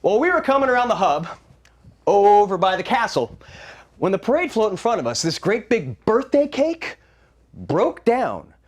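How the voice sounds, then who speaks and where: A man performing a wry, animated comic monologue as a solo storyteller. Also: sits high, moderate pace.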